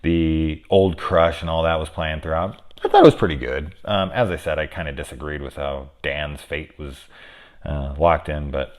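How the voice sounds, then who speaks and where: A man's voice: a bass voice, steady tone, moderate pace. A man giving a casual spoiler review of a movie, rambling and profane, with lots of fillers.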